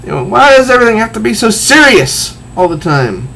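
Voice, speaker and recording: A man's voice: high voice, sing-song, brisk, creaky, bright, forceful tone, poor audio. A man casually reviewing a comic book, rambling with frequent restarts. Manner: rambling, many restarts, easygoing.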